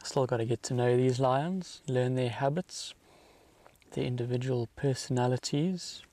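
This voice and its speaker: A man working as a safari guide, calmly explaining animal behavior during a live broadcast. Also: mid-range voice. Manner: calm and measured, explains patiently.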